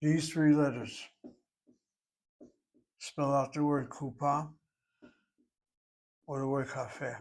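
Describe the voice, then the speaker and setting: Man, Hebrew teacher, deliberate lecturing, thinks aloud, mid pitch. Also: fairly even intonation, a little mellow. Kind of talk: classroom grammar lecture.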